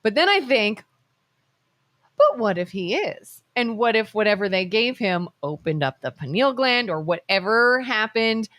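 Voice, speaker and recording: A woman co-hosting a live talk show, telling stories with animated delivery and questioning her co-host. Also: mid-range voice, measured pace, no echo. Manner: animated storytelling, acts out quotes. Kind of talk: casual talk show discussion. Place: studio.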